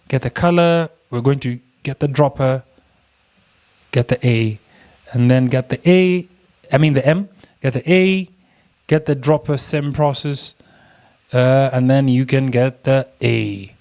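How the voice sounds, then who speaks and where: Excitable man teaching a design tutorial. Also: a little high. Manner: excitable, chatty, laughs often. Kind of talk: screen-recorded software tutorial.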